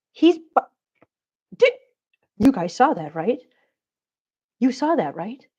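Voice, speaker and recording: A woman's voice: on the high side, big pitch swings, slow, long pauses, a little mellow, slightly rough. Woman host, casual unscripted chat, short of breath, baby-talks pets; slightly muffled audio. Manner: chatty, coos at cats in baby talk. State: overheated and out of breath. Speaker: cat channel vlogger. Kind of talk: unscripted live-stream chat while cleaning.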